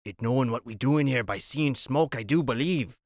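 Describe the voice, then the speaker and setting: A man voicing a calm, protective old West Indian seaman in an audiobook reading. He speaks in a gentle, steady dialect. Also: medium pitch, fairly quick, dry recording, clean studio sound, close to an everyday voice. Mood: urgent.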